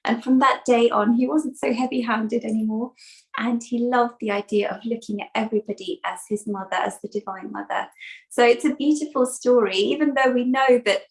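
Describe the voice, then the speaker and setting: A woman presenter telling a children's story in an animated, laughing storytelling manner. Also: on the high side, normal speed, rough recording. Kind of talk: storytelling for a spiritual talk.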